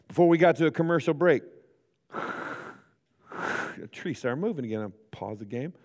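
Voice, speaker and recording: A man's voice: mid-range voice, expressive, normal speed, long pauses, darkish tone. A middle-aged male pastor preaching a chapel sermon, joking and acting out the voices in his stories. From United States. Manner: storytelling, jokey, acts out quotes. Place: college chapel. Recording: reverberant hall.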